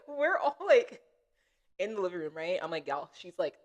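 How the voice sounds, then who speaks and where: A woman's voice: lowish voice, big pitch swings, normal speed, dull audio. A woman co-hosting a podcast, chatting casually and acting out quoted lines as she tells a story. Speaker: podcast co-host.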